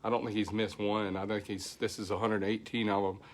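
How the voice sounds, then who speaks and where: A middle-aged man with a Southern country accent, slightly hoarse from a voice that is still recovering, chatting casually as the host of a weekly tech livestream and greeting viewers by name. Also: on the low side, little pitch movement, a little fast. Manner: rambling, folksy, thankful, greets viewers by name.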